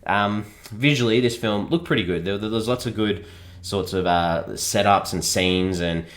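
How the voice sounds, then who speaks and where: Low-voiced man, chuckling critic. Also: normal speed, fairly bright tone. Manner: chuckles often, mocking and critical. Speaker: podcast film reviewer. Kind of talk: casual podcast film review.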